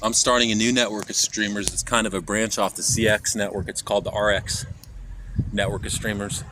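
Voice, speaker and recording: IRL streamer, man from Kansas, lowish voice, loose profane rambling to chat, phone mic, loud traffic behind. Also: little pitch movement, a little fast. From Kansas, USA. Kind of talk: casual live-stream chat while walking. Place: outdoors on city streets. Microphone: handheld phone. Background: traffic and street noise.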